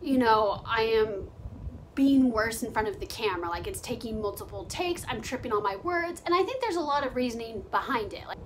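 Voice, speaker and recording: A woman's voice: fairly high pitch, lively intonation, brisk, a little hiss or hum, low-quality recording. A young woman vlogging at home, chatting casually and confessionally, laughing often and filling her talk with "like". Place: home during quarantine.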